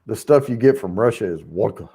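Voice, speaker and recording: A man's voice: on the low side, lively intonation, a little fast, mellow, slightly rough. A man hosting a livestream, chatting casually and joking with friends. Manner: easygoing, joking banter. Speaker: livestream host.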